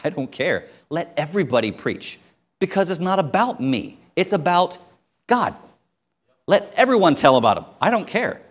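A man preaching a sermon as a missionary, telling stories with sudden swings between loud and quiet. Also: fairly high pitch, sing-song, moderate pace.

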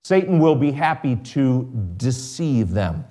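A man's voice: medium pitch, sing-song, takes it slowly, mellow. A middle-aged man preaching a sermon in a conversational way, with sarcastic asides and emphatic rises.

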